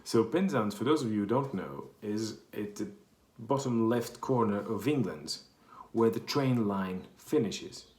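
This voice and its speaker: A man's voice: lowish voice, a little slow, hardly any pauses, darkish tone. A man from Portugal with a Portuguese accent, telling a rambling, self-correcting story in casual chat. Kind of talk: casual anecdote. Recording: echoey room.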